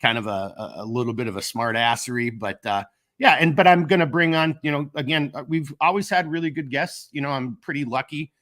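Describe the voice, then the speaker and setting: A man's voice: mid-range voice, brisk, fairly bright tone. A middle-aged man with a Minnesotan accent, coming down with a cold, rambling casually and joking at his own expense as he hosts a livestream. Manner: rambling, self-deprecating, joking. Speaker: livestream host of a gear company channel.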